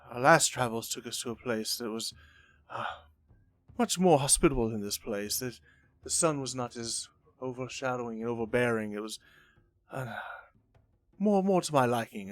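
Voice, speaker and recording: A man's voice: medium pitch, no room sound, natural voice. A man voicing a guarded female caravan traveler who speaks hesitantly and evasively in a tabletop game.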